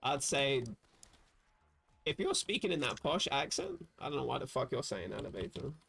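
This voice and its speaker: A man's voice: mid-range voice, very animated, moderate pace, vocal fry, a bit bright, a little hiss or hum. A man from England, chatting casually and profanely on a livestream while reading chat aloud. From southern England. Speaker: livestream host.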